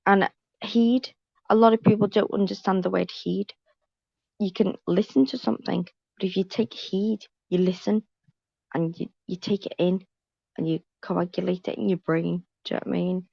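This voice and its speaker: On a live stream panel, a woman with a medium-pitched, gravelly voice chats and tells stories at normal speed with fairly even intonation. She's blunt and emphatic, repeating points for weight, and the stream audio is dull and lo-fi with no echo.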